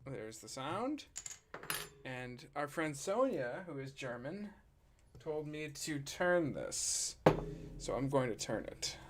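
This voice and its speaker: A man's voice: medium pitch, big pitch swings, takes it slowly, background noise. A man co-hosting a casual podcast over beers, teasing and laughing a lot as he jokes around. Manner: joking, giggly, teasing. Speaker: podcast co-host.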